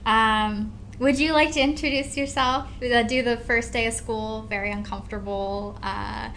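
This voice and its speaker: A woman's voice: a little high, fairly even intonation, normal speed, fairly bright tone, slight background noise. A woman hosting a podcast in a casual, rambling, self-mocking way, tired after a night without sleep, recorded at a venue during sound check. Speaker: podcast host.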